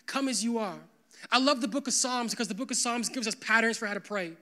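A young man preaching a sermon as pastor, talking to his congregation in a casual, animated way with lots of filler words. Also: very high-pitched, quick pace. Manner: conversational, animated, full of "like" fillers.

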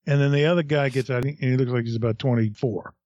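A middle-aged man, a podcast co-host, telling a profane, animated story in casual chat. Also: medium pitch, fast talker, no room sound, highs cut off.

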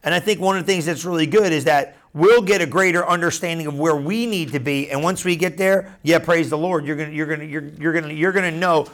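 High-voiced casual preacher man. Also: quick pace, few pauses. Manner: animated, conversational, acts out Bible scenes in slang. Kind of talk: casual sermon teaching.

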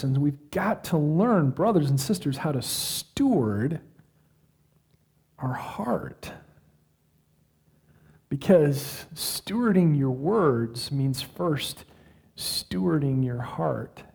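A middle-aged man preaching a sermon in a conversational style, with dramatic pauses and moments of acted self-talk. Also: fairly high pitch, lively intonation, darkish tone, breathy edge. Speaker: pastor.

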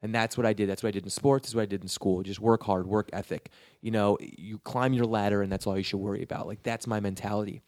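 A man from New York tells his story in a loose, rambling way, restarting his sentences and acting out what people said. His voice sits fairly low. It is recorded close and dry, with no room sound. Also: level tone, fast talker, few pauses, darkish tone, dry recording. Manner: rambling, with many restarts, and acts out the quotes. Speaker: guest telling his career story. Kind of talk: casual storytelling.

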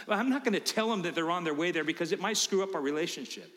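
A man preaching a sermon as pastor, emphatic, swinging from low asides to loud preaching. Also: racing, long reverb tail.

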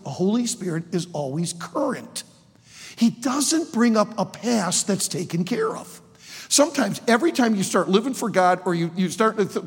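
A man preaching a sermon to students, emphatic and animated, with sudden loud outbursts. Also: high voice, husky. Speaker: preacher and college teacher. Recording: long hall reverb.

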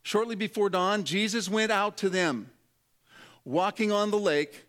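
A man's voice: sits high, a little slow, a bit bright. A man preaching a sermon, dramatic, dropping his voice to act out prayers and quotes. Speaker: pastor.

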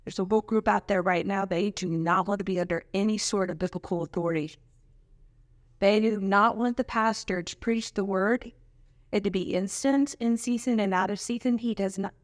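A woman speaking at a women's church conference, preaching with humor, laughing often and jumping into high mocking voices. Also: steady tone, moderate pace, no echo, clean studio sound.

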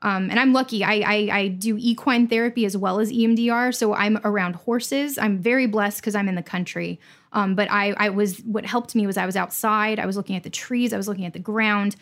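Earnest woman talking in rushing bursts. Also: mid-range voice, steady tone. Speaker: podcast guest. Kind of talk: candid podcast conversation.

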